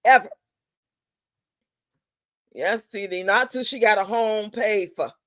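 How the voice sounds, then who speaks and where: A woman's voice: medium pitch, takes it slowly, a bit bright, no room sound. A woman hosting a live stream, chatting casually in a blunt, profane, drawling way.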